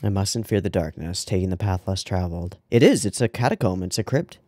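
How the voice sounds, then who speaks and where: A man's voice: low voice, expressive, a little fast, mellow, no room sound, clean studio sound. Man swearing back at the screen. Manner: laughs and reads on-screen lines aloud. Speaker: anime reaction channel host. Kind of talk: casual reaction commentary.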